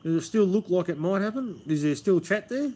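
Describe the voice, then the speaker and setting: This Australian livestream host chats from under an outdoor pergola, swearing, rambling casually, and repeating "man." His voice sits high and sounds expressive and mellow, delivered briskly.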